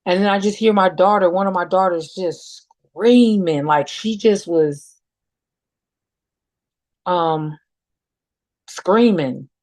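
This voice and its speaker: A middle-aged woman slowly recounting a painful personal experience, halting and restarting often. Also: fairly low pitch, darkish tone, no echo. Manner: slow, halting retelling with many restarts and fillers. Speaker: mother telling her story as a guest. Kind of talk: emotional personal account.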